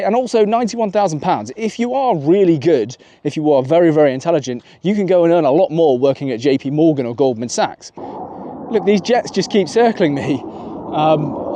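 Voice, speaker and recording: A man's voice: on the high side, warm tone, no room sound. A man, giving chatty, opinionated political commentary while out walking his dog. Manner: opinionated, chatty, thinking aloud. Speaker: political vlogger. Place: outdoors on a walk with his dog.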